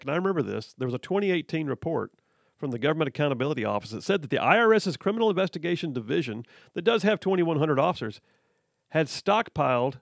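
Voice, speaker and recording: An emphatic man hosts a talk radio show from the studio with a gravelly edge. His delivery is folksy and energetic. The sound is close and dry, with no room around it. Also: on the high side, no echo. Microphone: studio mic.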